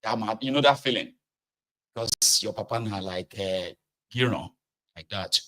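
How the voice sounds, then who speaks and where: A man with a Nigerian accent speaking in a casual commentary monologue, telling an animated story that swings between loud outbursts and low muttering, with pidgin and Yoruba words mixed in. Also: unhurried.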